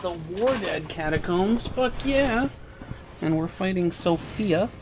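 A man's voice: high-pitched, measured pace, background noise. A man giving casual gameplay commentary with dry, sarcastic quips and frequent swearing. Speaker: gaming commentator.

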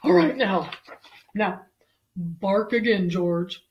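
A determined male vet from a picture book, voiced by a woman reading aloud, firm and reassuring. He speaks loudly and evenly, and he sounds calm. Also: medium pitch, slow pace, slight background noise.

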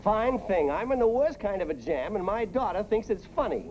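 A man's voice: high voice, very animated, normal speed, a little mellow, a little hiss or hum, low-quality recording. An actor playing a flustered middle-aged father who stammers through his excuses, in 1950s sitcom style.

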